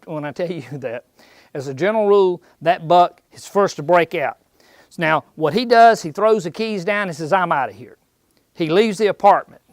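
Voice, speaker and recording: A man's voice: high voice, no echo, clean studio sound. A man giving a folksy, jokey seminar in an indoor archery shop, quizzing the audience as he goes. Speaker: seminar speaker.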